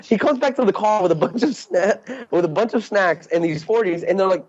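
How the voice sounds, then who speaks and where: Casual podcast co-host, male, slightly high voice, rambles through stories with laughs and swearing. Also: animated, fairly quick, a little mellow. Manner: rambling storyteller, swears freely, laughs mid-story. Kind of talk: casual chat. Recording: dull lo-fi podcast audio.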